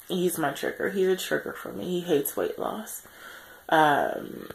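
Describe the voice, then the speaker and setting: A tired woman speaking earnestly in a personal video diary, pausing often and correcting herself as she reflects. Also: sits low, creaky, poor audio. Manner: reflective and earnest, many pauses and self-corrections. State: tired, yawning. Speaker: vlogger on a weight-loss journey.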